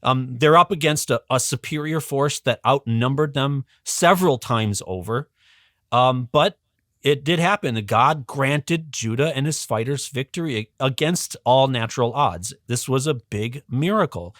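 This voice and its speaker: Animated male storyteller with a dry sound. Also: medium pitch, measured pace, no room sound. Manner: animated storyteller, frequent ums and restarts. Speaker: podcast guest, religious educator. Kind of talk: casual storytelling explanation.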